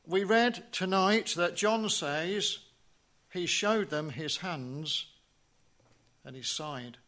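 This sermon comes from a high-voiced man who speaks steadily, asks questions he doesn't expect answered, and lowers his voice to a near whisper at the important lines.

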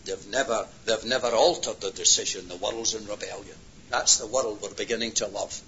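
A preacher delivering an impassioned sermon, swinging between hushed and loud passages. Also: male voice, lowish voice, brisk, slight background noise. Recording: lo-fi roomy hall recording.

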